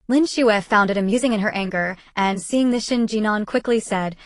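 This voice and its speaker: A woman's voice: mid-range voice, moderate pace, hardly any pauses, no room sound. Woman narrating a novel, dry close sound. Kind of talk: audiobook narration.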